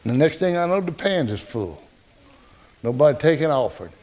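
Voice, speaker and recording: Man, pastor preaching, folksy jokes, very lively swooping voice. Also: on the high side, brisk. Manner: folksy, joking, animated preaching. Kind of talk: sermon.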